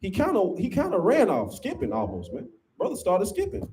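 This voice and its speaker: A man preaches scripture in a fiery, emphatic style. His voice sits high and swings up and down with lively energy. He keeps tossing in "man" as he drives each point home. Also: brisk, a little hiss or hum. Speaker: Sabbath class teacher.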